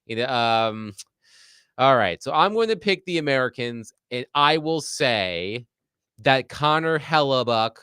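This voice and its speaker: A man's voice: medium pitch, expressive, unhurried, bright, forceful tone, smooth, dry recording, clean studio sound. A man hosting a sports talk show, steadily moderating the panel's picks.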